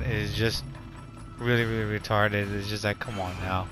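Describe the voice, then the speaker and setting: A man's voice: on the low side, fairly even intonation, normal speed. A young man giving casual gameplay commentary through a headset, reacting with frustration and frequent swearing in rambling outbursts. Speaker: gaming commentator. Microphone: gaming headset. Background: loud game music.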